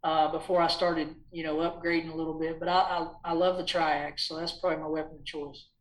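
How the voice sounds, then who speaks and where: Chatty guest in an echoey room. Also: male voice, fairly high pitch, fairly quick. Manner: lively, chatty, acts out quotes with raised voice. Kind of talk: casual storytelling.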